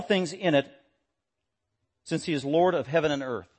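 A man with a husky voice preaches a sermon at normal speed, speaking emphatically. He repeats short, punchy phrases and swings between loud declarations and quiet, low asides.

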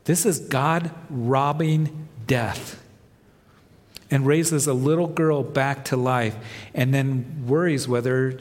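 Male pastor, mid-pitched voice, sermon delivery with dramatic swells, church hall reverb. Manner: preaching with rising emphasis and soft dramatic drops. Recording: long reverb of a large hall.

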